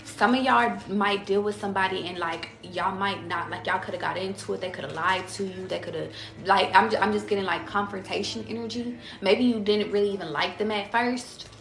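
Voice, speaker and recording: A woman's voice: mid-range voice, fairly quick, creaky, hardly any pauses, a bit bright, echoey room, soft background music. A woman giving a casual tarot reading to her viewers. She talks in a slangy, profane, chatty way and calls them y'all. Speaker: tarot reader.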